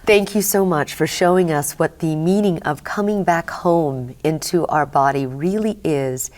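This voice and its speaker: A woman's voice: low-pitched, unhurried. A woman hosting an interview show, affirming her guest and closing the episode with thanks to viewers. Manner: warm affirming responses. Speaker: show host.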